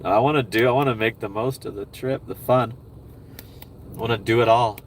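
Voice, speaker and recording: A man's voice: medium pitch, fairly even intonation, fairly quick, a little hiss or hum. Rambling middle-aged man streaming from his car. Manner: rambling, profane, upbeat. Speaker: livestreamer doing delivery gigs. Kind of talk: casual livestream chat while driving. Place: in a car on the road.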